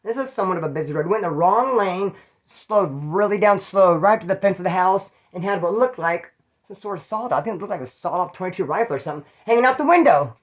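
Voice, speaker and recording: A high-pitched, expressive man from California talks fast, casually spinning prison stories. His delivery is profane, slangy and rambling, full of restarts, and he mimics other people in quoted voices.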